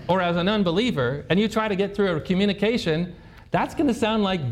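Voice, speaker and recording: A man with a notably high-pitched voice preaches a sermon. He keeps it conversational, throwing questions out to his listeners and acting out prayers in his own voice. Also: expressive, moderate pace. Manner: conversational, asks the congregation questions. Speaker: pastor.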